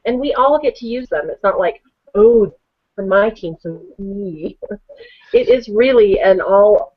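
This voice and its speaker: A woman co-hosting a casual chat, speaking in an upbeat, urging way. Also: mid-range voice. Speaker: co-host. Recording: muffled lo-fi audio.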